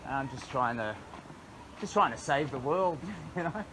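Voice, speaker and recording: A man's voice: medium pitch, lively intonation, a little slow. An Australian man chatting and joking cheerfully while he walks along a town street and greets locals, recorded on a camera strapped to his chest. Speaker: charity walker greeting locals. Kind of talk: casual chat while walking. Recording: street noise.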